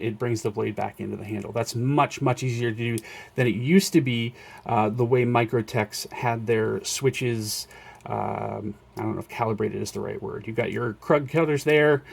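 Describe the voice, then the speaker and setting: Man, gravelly voice, casual vlog show-and-tell, filler-heavy, self-correcting. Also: mid-range voice, moderate pace. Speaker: knife collector showing his collection.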